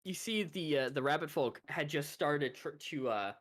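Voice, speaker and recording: A man's voice: on the high side, lively intonation, moderate pace, a bit bright. A man running a tabletop game as game master, narrating loosely with frequent laughs.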